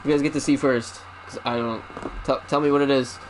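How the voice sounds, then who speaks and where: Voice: mid-range voice, steady tone, a little fast, noisy background. A streamer chatting casually while opening a parcel, wry and self-mocking, with casual swearing. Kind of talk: casual unboxing chat.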